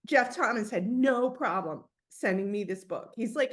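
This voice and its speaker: A woman's voice: fairly high pitch, expressive, moderate pace, few pauses. A woman hosting an online book interview on a video call, effusive and emotional in her praise. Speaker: interviewer and book club host.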